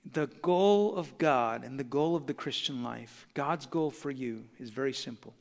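A man's voice: on the high side, moderate pace, vocal fry, few pauses, in a large hall. A man preaching a sermon as pastor to his congregation, building intensity and acting out quotes. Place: church sanctuary.

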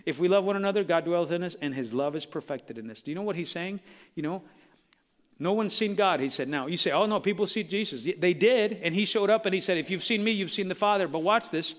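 A man's voice: high-pitched, quick pace. A male pastor preaching a sermon in a church, conversational and full of rhetorical questions. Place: church sanctuary. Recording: long church hall reverb.

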